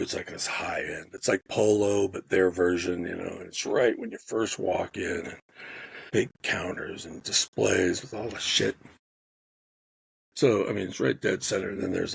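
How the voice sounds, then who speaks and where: A man telling animated stories in casual podcast chat, swearing freely and acting out what people said. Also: fairly low pitch, vocal fry, husky, no echo. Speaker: podcast guest storyteller.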